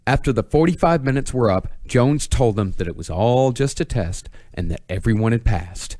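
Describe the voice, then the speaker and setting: A man hosting a podcast, reading a scripted true-crime story in a measured storytelling manner with dry asides. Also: mid-range voice, lively intonation, dark tone, dry recording. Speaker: podcast host telling the story.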